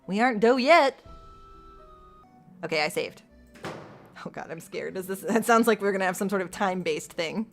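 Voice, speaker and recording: A woman streaming a mystery game live, reacting excitedly, gasping and swearing as she talks to her chat. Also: mid-range voice, normal speed, long pauses, soft background music. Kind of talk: live gameplay commentary.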